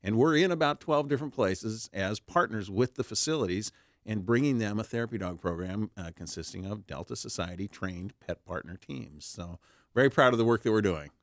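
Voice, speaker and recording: Man, interview guest, low voice, dry close sound, storytelling with fillers and restarts. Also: animated, brisk, no echo. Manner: warm anecdotal telling with many fillers and restarts. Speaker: author and therapy dog charity founder.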